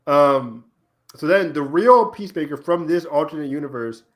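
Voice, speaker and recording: A man co-hosting a podcast, excitedly retelling TV episode scenes in casual chat. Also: a little high, moderate pace. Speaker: podcast co-host.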